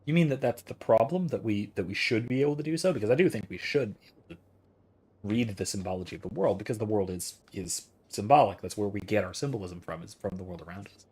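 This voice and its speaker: Husky man musing on philosophy. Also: on the low side, expressive, quick pace, a little mellow. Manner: rambling, thinks aloud with restarts. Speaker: philosophy streamer reading chat. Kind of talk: casual philosophical discussion.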